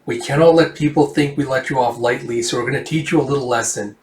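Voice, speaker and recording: A man voicing a stern older male clan leader in a flat, measured way. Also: medium pitch, lightly acted. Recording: echoey room, distant mic.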